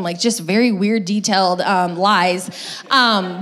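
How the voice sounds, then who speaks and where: A woman's voice: mid-range voice, measured pace. A young adult woman pastor preaching a sermon. She tells the story casually, with lots of fillers, and acts out quoted lines. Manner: lively retelling with acted quotes.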